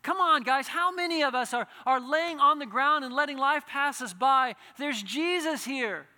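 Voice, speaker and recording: Bright-voiced man preaching in an echoing hall. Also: very high-pitched, normal speed. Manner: earnest, builds to impassioned pleading, many restarts. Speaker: pastor. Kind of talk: sermon. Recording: reverberant hall.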